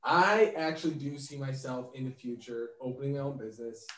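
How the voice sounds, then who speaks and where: A man's voice: medium pitch, brisk, fairly bright tone, reverberant, recorded from a distance. A man hosting a casual podcast, joking and laughing often. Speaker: podcast host.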